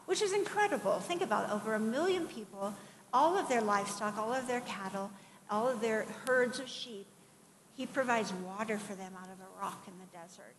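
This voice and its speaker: A middle-aged woman preaching a sermon in a conversational, animated way, with asides and acted-out quotes. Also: mid-range voice, a little fast. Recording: long hall reverb, faint background noise.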